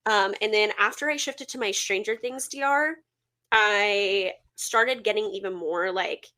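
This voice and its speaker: A young woman recounts a personal story on a podcast in a loose, chatty way. She fills her sentences with "like" and "um" as she goes. Her voice sits in an ordinary middle pitch. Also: measured pace, bright, forceful tone. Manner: chatty, full of "like" fillers, storytelling. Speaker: podcast co-host. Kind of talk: casual chat.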